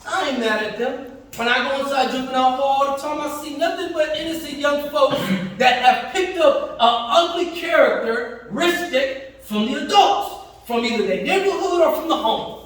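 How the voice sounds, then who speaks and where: Speaking at normal speed with an extremely high pitch and a fairly bright tone, a man gives the Friday sermon in a mosque. His delivery is emphatic and full of slang, and he breaks off to imitate everyday voices. The recording picks him up from a distance in an echoing hall.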